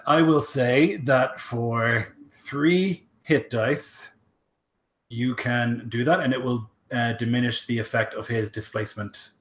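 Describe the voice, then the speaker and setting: A man's voice: medium pitch, slow pace, fairly bright tone, reverberant. A man running a tabletop game as game master, talking loosely with lots of fillers.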